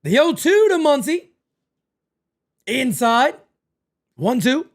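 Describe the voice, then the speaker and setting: Profane, animated baseball stream host. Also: female voice, slow pace. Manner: animated, profane, trails off into low mutters. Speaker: live baseball watch-party streamer. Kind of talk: casual live-stream commentary.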